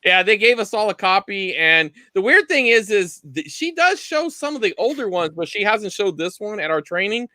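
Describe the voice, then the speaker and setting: A man in his thirties on a video call, telling a funny work story in a casual, animated way. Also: normal speed, hardly any pauses, no room sound. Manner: animated storyteller, jumps into high voices for quotes. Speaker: guest on live vinyl chat. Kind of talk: casual anecdote on a live stream.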